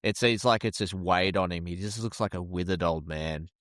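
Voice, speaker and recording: A man's voice: sits low, normal speed, a bit bright, no echo, clean studio sound. A man co-hosting a casual true-crime podcast, reacting with jokes and casual swearing. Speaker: podcast co-host.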